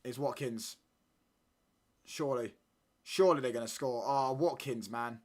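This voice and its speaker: A man's voice: mid-range voice, unhurried, pauses often. Slangy young streamer man. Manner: casual slangy banter, repeats phrases, gets loud when ranting. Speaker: watchalong streamer. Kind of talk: live football watchalong chat.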